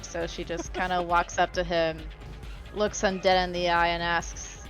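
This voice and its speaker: A woman's voice: lowish voice, level tone, moderate pace, few pauses, fairly bright tone, soft background music. A woman playing in a tabletop role-playing game, chatty, blunt and joking as she describes her character's moves. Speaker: player. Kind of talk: casual tabletop play.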